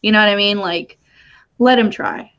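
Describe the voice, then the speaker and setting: A woman chatting casually as a guest, rambling and halting, with lots of fillers. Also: mid-range voice, a bit bright, clear, resonant tone. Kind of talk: casual chat. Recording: dull lo-fi audio.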